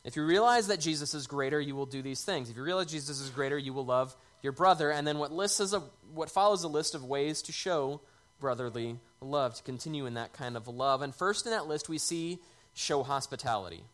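Male pastor, slightly higher voice, relaxed conversational sermon delivery with emphatic lifts. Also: fairly quick.

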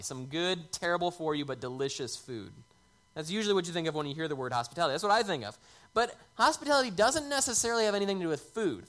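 A man's voice: fairly high pitch, a bit bright. A man preaching a sermon in a conversational way, lifting his voice on key words. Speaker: pastor.

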